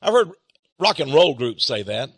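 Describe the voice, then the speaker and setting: A man preaching a fiery sermon, swinging from booming shouts to low asides and stumbling over repeated words. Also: big pitch swings, moderate pace, husky, no echo, studio quality.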